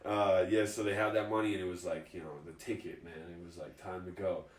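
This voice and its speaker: A man telling stories as a guest in a casual interview, relaxed and chuckling as he goes. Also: low voice, fast. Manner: laid-back, chuckling storyteller. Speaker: guest, fighter. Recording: echoey room, distant mic.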